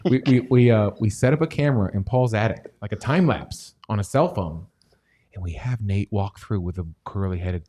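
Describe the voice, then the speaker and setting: A man's voice: on the low side, moderate pace, mellow. A man hosting a casual stock livestream, rambling and joking, sometimes dropping to near-whispers. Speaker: stock show host; chemist.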